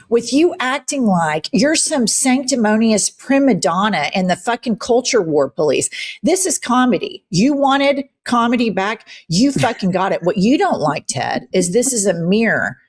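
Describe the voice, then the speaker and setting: A woman's voice: medium pitch, sing-song, unhurried, slightly rough. A woman hosting a political commentary show, talking bluntly, profanely and with heavy emphasis.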